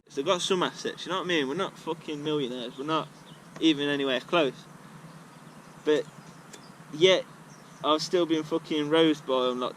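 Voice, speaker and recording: A man's voice: medium pitch, fairly bright tone, a little hiss or hum, low-quality recording. A man talking to camera outdoors, rambling in a casual, slangy, heavily sweary way. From England. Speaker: vlogger. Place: outdoors at a regular filming spot.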